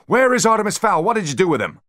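A man voicing a ruthless older male tycoon villain who rants and shouts in an audiobook. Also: sits low, very animated, moderate pace, dry recording, studio quality, full character voice. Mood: frantic. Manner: ranting, shouting.

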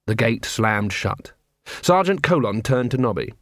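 A man narrating a comic novel in an even storytelling read. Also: medium pitch, measured pace, no echo, clean studio sound. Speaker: audiobook narrator. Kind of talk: scripted narration.

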